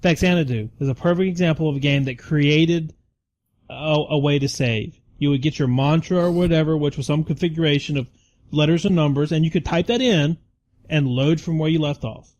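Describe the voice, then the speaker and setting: A man with a fairly high voice guesting on a gaming podcast. He gripes in an exasperated way, and his sound is dull and lo-fi. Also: fairly quick, a little mellow. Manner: griping, exasperated. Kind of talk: casual podcast chat.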